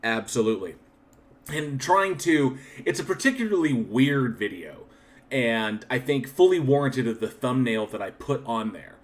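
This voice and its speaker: A livestream host with a mid-range voice and lively intonation gives casual live-chat shoutouts at normal speed, thanking viewers one at a time. He restarts often and speaks in a candid, reflective way about his channel.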